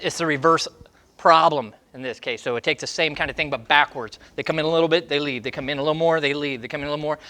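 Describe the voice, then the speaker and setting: A man's voice: medium pitch, bright, forceful tone. A man working as a dog trainer, answering questions on a show, emphatic and acting out training steps in short bursts. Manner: emphatic, demonstrates scenes in short fragments. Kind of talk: Q&A advice segment.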